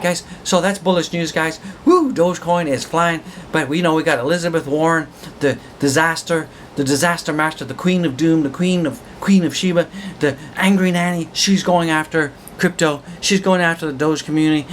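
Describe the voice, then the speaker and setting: A man's voice: a little high, a little hiss or hum. Hyped-up man whooping about charts. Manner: excitable, hype-man shouting and whooping; repetitive, riffing wordplay. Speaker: crypto channel host. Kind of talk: hyped market commentary vlog.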